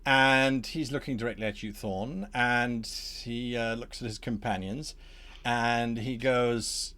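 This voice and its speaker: Slow, bright-voiced man running a game. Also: mid-range voice, fairly even intonation. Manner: playful, chuckling, unhurried storytelling. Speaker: game master. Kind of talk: narrating a tabletop game.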